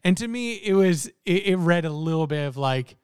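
A man's voice: high-pitched, animated, moderate pace, a little mellow, smooth, no echo, studio quality. A man co-hosting a casual podcast about a TV show, thinking aloud with lots of fillers and restarts. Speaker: podcast co-host. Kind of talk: casual TV discussion.

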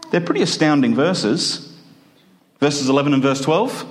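A man preaching a sermon, explaining a scripture passage with earnest, deliberate emphasis. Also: fairly high pitch, big pitch swings. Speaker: pastor.

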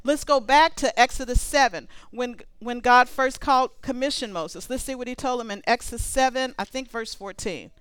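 A woman preaching a sermon, conversational and animated, reading scripture aloud between comments. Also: a little high, moderate pace, hardly any pauses, clear, resonant tone, no room sound.

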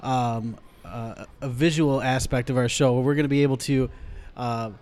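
This podcast host is a man with a medium-pitched, slightly mellow voice, fairly even intonation, and normal speed. He chats casually and tells stories in a mumbly, rambling way, often restarting.

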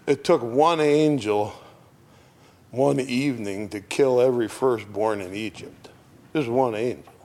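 A man preaching a reflective sermon, lingering over phrases and dropping to a near hush at moments of emphasis. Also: lowish voice. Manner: slow, reflective, dropping to a hush on key words.

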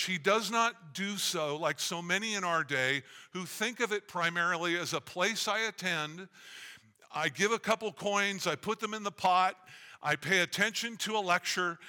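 A man preaching a sermon as pastor, speaking in an earnest, measured way, often restarting his phrases. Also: high voice, bright, forceful tone. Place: church sanctuary. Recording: long reverb of a church hall.

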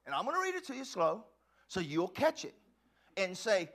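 A male pastor preaching a sermon, swinging from hushed, quiet lines to fervent shouts, often repeating words and restarting sentences. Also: sits high, very animated, quick pace.

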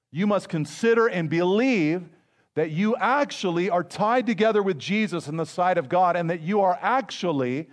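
A pastor preaching with a slightly higher-than-average voice for a man. He talks to his congregation in an easy, conversational way, often repeating a phrase. He slows right down to lean on the words he wants to land. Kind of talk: sermon.

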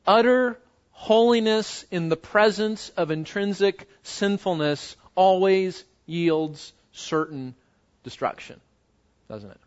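Male pastor, high-pitched, emphatic sermon delivery with dynamic drops, muffled lo-fi church recording. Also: slow pace. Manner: emphatic, rising and dropping to near murmurs, rhetorical questions. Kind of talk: expository sermon.

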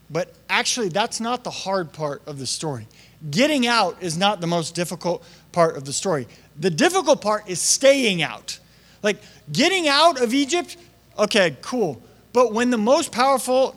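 Young guy pastor, kinda high voice, chatty sermon, acts out the quotes, echoey church hall. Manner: conversational, animated, acts out quotes with big pitch swings. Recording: long hall reverb.

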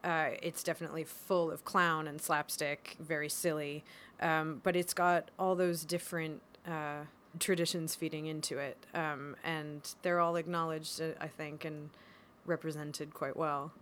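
An American woman talks casually as an interview guest, her voice a little low for a woman. She laughs often and fills her pauses with ums. Her tone stays easy and chatty. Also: little pitch movement, a bit bright, slight background noise. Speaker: actress, guest.

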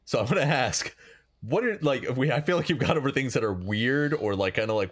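A man's voice: mid-range voice, animated, fairly quick. A man co-hosting a casual film podcast, asking questions and hesitating as he looks for words. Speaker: podcast co-host.

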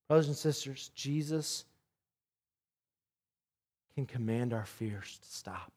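A man preaching a sermon, telling a story with animation and swinging between loud and soft passages. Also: medium pitch, slow pace, long pauses. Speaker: pastor.

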